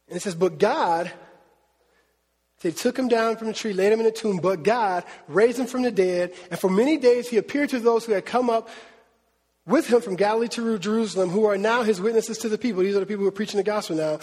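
A male pastor with a high, husky voice delivers a sermon in a conversational, questioning way. His voice carries a long reverb, as if recorded in a church hall. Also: fast talker, darkish tone. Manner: conversational, asks the audience questions.

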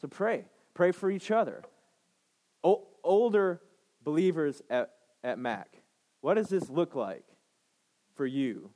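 A thirty-something pastor preaches slowly and animatedly in a fairly high, mellow voice, leaving long pauses. Emphatic before his congregation, he repeats phrases and checks in with "right?"

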